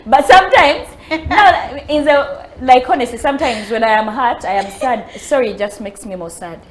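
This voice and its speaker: A Ugandan woman panelist in casual chat, animated and laughing often, switching between English and Luganda. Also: a little high, moderate pace, a little hiss or hum. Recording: echoey room.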